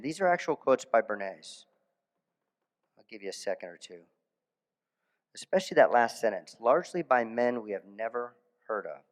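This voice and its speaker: A man, a dentist, giving a conference lecture in a casual storytelling way, animated, with restarts and asides. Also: medium pitch, big-room sound. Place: conference hall.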